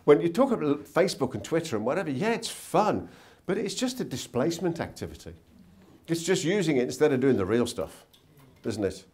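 Brief: male seminar speaker, lively pitch, storytelling, tag questions, hotel conference room. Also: brisk, slightly rough. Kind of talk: motivational talk with anecdotes.

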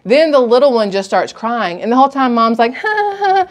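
Expressive woman telling a story. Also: a little high, fairly quick. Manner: expressive, acts out voices and thoughts. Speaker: vlogger. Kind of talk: animated storytelling.

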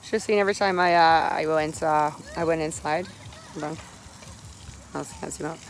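Chatty mom vlogging at a spray park. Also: female voice, low voice, steady tone, moderate pace, a little hiss or hum, poor audio. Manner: chatty, rambling, with laughs and fillers. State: hoarse from screaming. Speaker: mom filming her son at a spray park. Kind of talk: casual phone vlog.

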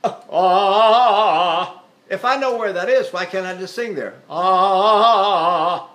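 A man's voice: high-pitched, fast. An older man teaching singing in a chatty, self-mocking way, breaking into sung vowel demonstrations. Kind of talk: spoken vocal lesson with sung demonstrations.

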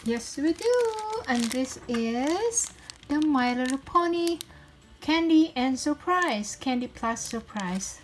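A young woman hosts a casual toy unboxing video, her high, expressive voice chatty and giggly, full of cheerful exclamations as she takes things slowly. Packaging crinkles and clicks run throughout, with slight background noise and poor audio quality.

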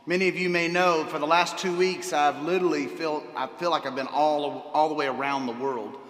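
A man pastor preaching a sermon to his congregation, enthusiastic, often repeating words and pausing with fillers. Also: fairly high pitch, steady tone, a bit bright. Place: church sanctuary. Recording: long hall reverb.

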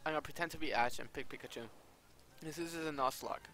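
A man giving casual, excitable gameplay commentary, exclaiming often. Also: a little high, fast. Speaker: Let's Play gamer.

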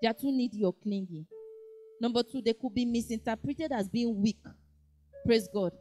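A woman preaching in a lively way, acting out little dialogues and often saying "praise God". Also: on the high side, normal speed, faint music behind. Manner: animated, acts out dialogue, frequent "praise God". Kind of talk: lively sermon teaching.

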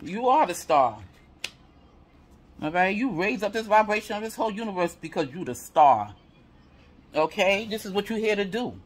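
High-voiced man giving a heated tarot reading. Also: expressive, moderate pace, long pauses. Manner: heated, profane, repetitive affirmations. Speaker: tarot reader.

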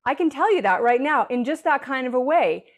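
A woman's voice: high voice, lively intonation, a little fast. A woman author as an interview guest, explaining earnestly and now and then acting out quoted voices. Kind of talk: conversational interview.

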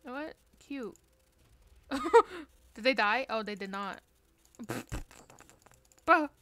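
With a high, somewhat bright voice, this animated woman draws out her words while chatting on a live gameplay stream from her bedroom. Her talk is playful, full of jokes and mock-dramatic pleading.

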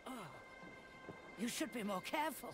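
A woman's voice: fairly high pitch, expressive, moderate pace, over music, natural voice. An actress playing Granny Xena, a bossy foul-mouthed old woman. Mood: gruff. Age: older. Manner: brash, bossy, swearing.

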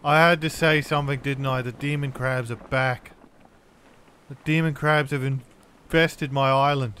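A male gaming host talks through a survival game in casual commentary, easily startled and full of sudden exclamations. His voice sits at an ordinary middle pitch. A faint hum of noise runs underneath. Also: steady tone, unhurried, a bit bright. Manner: jumpy, exclaims often at scares. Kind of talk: casual let's-play commentary.

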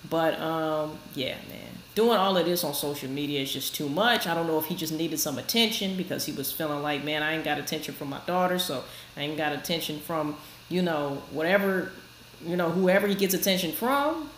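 A woman's voice: low-pitched, a little fast. Chatty woman host in an echoey room. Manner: frank, chatty, talks to viewers. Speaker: reaction video host. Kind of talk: casual commentary. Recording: echoey room with faint noise.

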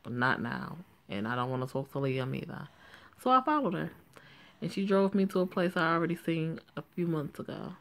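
A woman reading as a weary, gravelly teenage girl. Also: low voice, animated, moderate pace, a bit bright, full character voice. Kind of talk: reading a story game aloud.

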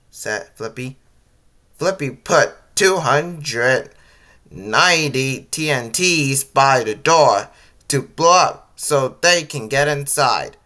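Guy reading his own story real slow, stumbles a lot, bright voice. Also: mid-range voice.

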